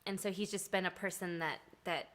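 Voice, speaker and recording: A woman singer-songwriter chatting casually on a live stream, thanking fans with frequent "um"s and soft laughs. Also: lowish voice, steady tone, fairly quick, slight background noise. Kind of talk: casual chat between songs.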